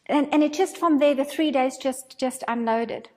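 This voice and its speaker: A woman teaching a spiritual course, telling a story in a casual, animated way and acting out her own thoughts. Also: high voice, normal speed, in a large hall.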